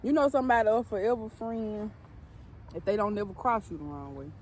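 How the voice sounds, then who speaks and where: A young woman co-hosting a casual chat outdoors, excitable and given to loud high bursts. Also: fairly quick, slight background noise. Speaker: co-host.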